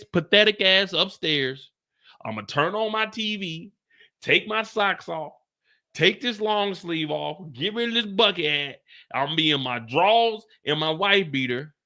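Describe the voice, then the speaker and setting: A man hosting a casual livestream recap, telling it in an animated, joking, slangy way. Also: high-pitched. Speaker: show recap host.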